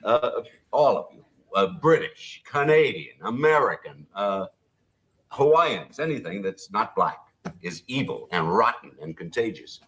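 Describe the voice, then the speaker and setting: A man's voice: lowish voice, very animated, unhurried, a bit bright, a little hiss or hum. A man guesting on a television talk show, scornful and accusing, often cutting in. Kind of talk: heated archival TV debate.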